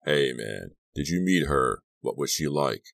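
Male narrator voicing a teen joker, needling and brash, very deep read, dry booth sound. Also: animated, unhurried, gravelly, fairly bright tone, dry recording, full character voice. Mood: teasing. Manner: teasing, needling jokes. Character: wisecracking teenage boy friend, teasing and brash. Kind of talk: audiobook character reading.

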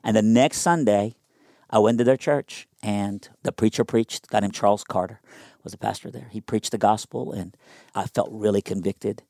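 A young man telling a personal story in a casual interview, animated and conversational with lots of fillers. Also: on the low side, moderate pace, creaky, dry recording, clean studio sound.

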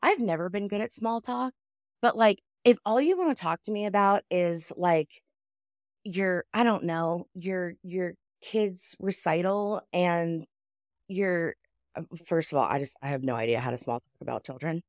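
Low-voiced, candid woman in chat. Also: normal speed, dry recording, clean studio sound. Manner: candid, emphatic, swears for emphasis. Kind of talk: casual chat.

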